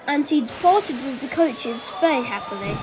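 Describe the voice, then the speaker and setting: A woman narrating a homemade train story in a halting way, with fillers and asides. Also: sits high, expressive, very noisy. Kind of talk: amateur storytelling.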